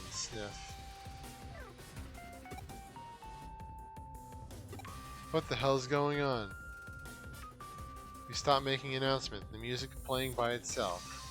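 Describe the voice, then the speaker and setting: A man voicing a worried aquarium manager in a video game, polite and pleading. His voice sits in a middle pitch. Game music plays clearly behind him. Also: close to an everyday voice. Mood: weepy.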